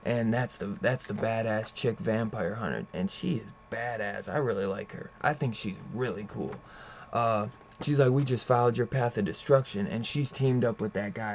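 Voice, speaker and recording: A man's voice: on the low side, normal speed, gravelly, a little mellow. Young male comic reviewer, rambling and full of fillers, muffled lo-fi audio with faint hiss. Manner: rambling, filler-heavy, enthusiastic. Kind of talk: casual comic review vlog.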